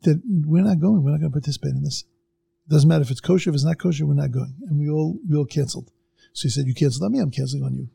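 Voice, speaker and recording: Gravelly husky middle-aged storyteller man. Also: mellow. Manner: acts out quoted people with big jumps in pitch. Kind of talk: animated storytelling in casual chat.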